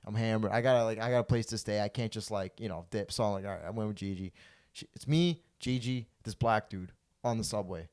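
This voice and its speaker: Crude, animated comic telling a story. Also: male voice, lowish voice, brisk, clear, resonant tone. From Toronto, Canada. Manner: animated, crude, acts out quotes. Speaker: podcast host and comedian. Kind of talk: casual comedic storytelling.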